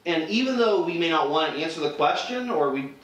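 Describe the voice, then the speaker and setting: Guy teaching self defense, kinda high voice, talks loose and chatty, echoey room, mic far off. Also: expressive, fairly quick. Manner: casual, conversational, many restarts and acted-out quotes. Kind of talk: demonstration lesson. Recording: roomy echo, mic far off.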